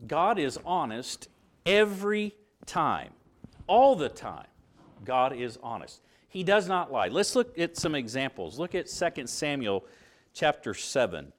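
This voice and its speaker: A middle-aged man teaching a Bible lesson in sermon style, asking rhetorical questions and acting out quoted voices. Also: medium pitch. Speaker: preacher teaching a Bible class.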